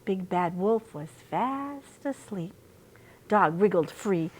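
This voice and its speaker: Slow, lively-voiced woman reading a storybook. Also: medium pitch, husky. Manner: slow, expressive, sing-song rhymes. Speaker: storytime reader. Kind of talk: reading a picture book aloud.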